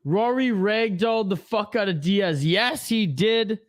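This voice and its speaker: Man, high-pitched, live stream host, casual play-by-play, profane banter. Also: measured pace. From Canada. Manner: profane, joking, reads chat aloud. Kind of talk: casual play-by-play watch-along commentary.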